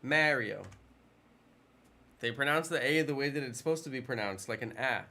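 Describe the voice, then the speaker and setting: Bright-voiced chatty male streamer. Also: medium pitch, fast talker. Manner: chatty, jokey, reads and answers chat questions. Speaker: live streamer. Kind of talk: casual live stream chat while gaming.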